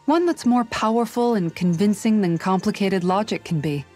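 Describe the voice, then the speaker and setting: An actress voicing a calm, caring young woman and older sister who speaks thoughtfully, in a video game. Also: mid-range voice, moderate pace, faint music behind, close to an everyday voice. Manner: gentle, thoughtful, soft-spoken.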